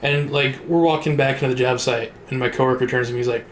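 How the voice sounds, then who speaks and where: A man's voice: mid-range voice, quick pace, a little hiss or hum. A man co-hosting a podcast, telling a story in a rambling, casual way full of "like". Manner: rambling, animated storyteller, lots of "like". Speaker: podcast co-host. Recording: roomy echo.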